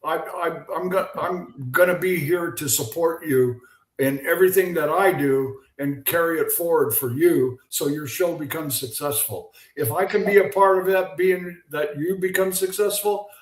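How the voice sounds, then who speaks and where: An older man, a former pitcher, telling animated stories as a guest on a video call. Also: moderate pace, reverberant. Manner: animated anecdotes, acts out quoted voices. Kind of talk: casual storytelling.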